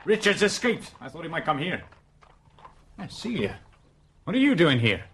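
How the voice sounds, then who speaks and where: Jonas, a zealous Puritan. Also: male voice, a little high, big pitch swings, moderate pace, a bit bright, a little hiss or hum. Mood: righteous. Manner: cool, self-righteous. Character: zealous Puritan son, cold, righteous, scheming. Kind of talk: 1970s radio drama acting.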